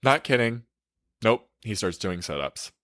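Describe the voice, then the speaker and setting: A man's voice: on the low side, sing-song, unhurried, fairly bright tone, no room sound, clean studio sound. A man, a relationship coach, telling a frank, profane story in a casual storytime, full of "like" fillers.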